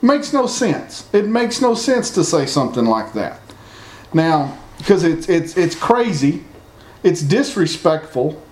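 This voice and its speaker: Man, vlogger, talking straight to camera in an indignant, rambling rant; voice sits a bit high. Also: big pitch swings, unhurried, darkish tone. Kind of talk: opinion rant to viewers.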